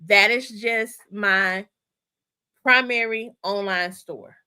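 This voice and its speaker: A bright, forceful-sounding woman hosts a casual livestream. She talks straight to her viewers, excitable and chatty, and keeps repeating her instructions so nobody misses them. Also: mid-range voice, slow pace, clear, resonant tone. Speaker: channel host. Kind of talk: casual livestream store walkthrough.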